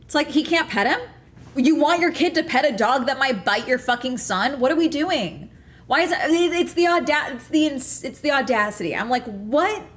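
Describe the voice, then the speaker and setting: A young adult woman streaming and chatting casually, telling stories in a profane, animated way with many restarts. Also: high-pitched, brisk. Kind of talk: casual livestream chat.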